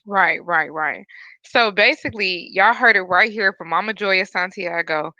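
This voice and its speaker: A bright, forceful woman host sounds close to tears, earnest and halting as she speaks. The sound is dull and lo-fi with no room echo at all. She is hosting a live podcast stream. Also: mid-range voice. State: emotional, near tears. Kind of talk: podcast talk.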